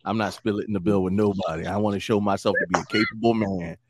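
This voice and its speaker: Animated joking male show host. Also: on the low side, fast talker, gravelly, noisy background. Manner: animated, joking, keeps cutting in. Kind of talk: casual profane banter.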